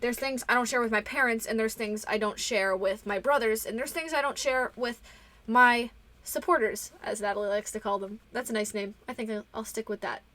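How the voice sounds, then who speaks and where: A woman's voice: a little high, fairly even intonation, a little fast, sharp tone. A young woman hosting a casual podcast, chatty and rambling, a little self-conscious. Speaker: podcast host.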